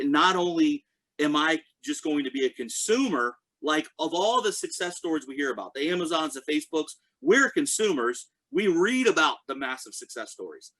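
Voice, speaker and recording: An earnest man in his thirties gives a motivational talk. His voice sits slightly high for a man, and he speaks in a direct, personal way, often turning to his listeners to check they are with him. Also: lively intonation, brisk, bright, forceful tone. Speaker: network marketing speaker introducing a guest.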